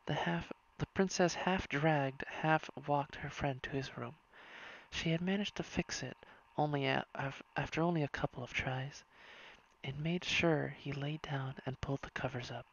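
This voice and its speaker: A reader narrating a whispered bedtime story in a soft, hushed and unhurried way. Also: medium pitch, fairly even intonation. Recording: dull lo-fi recording.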